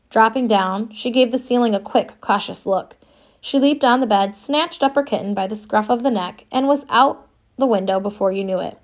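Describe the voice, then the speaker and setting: A woman reading an audiobook in the first person, with a wistful, wry storytelling manner. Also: a little high. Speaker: audiobook narrator. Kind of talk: scripted first-person narration.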